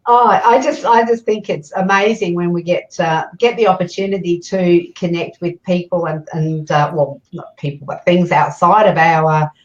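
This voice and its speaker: A woman's voice: lowish voice, steady tone, normal speed, hardly any pauses. A woman hosting a live community interview, enthusiastically greeting viewers by name and asking questions. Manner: enthusiastic, reads out viewer names. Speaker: community TV host. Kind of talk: casual live-stream interview. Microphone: video call. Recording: echoey, dull video-call audio.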